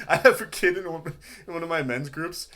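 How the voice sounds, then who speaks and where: Give me a giggly, rambling podcast co-host, a man with a bright and lively voice. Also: a little high, normal speed. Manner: giggly, rambling, laughs often. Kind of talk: casual chat.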